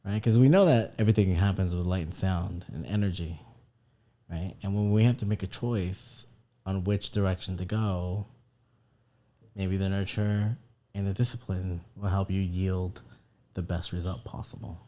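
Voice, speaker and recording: A man's voice: low voice, fairly even intonation, normal speed, mellow. A man from the southern US co-hosting a casual podcast, reflective and playful. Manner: reflective, playful, puts on a sad drawl. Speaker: podcast co-host. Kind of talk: casual chat.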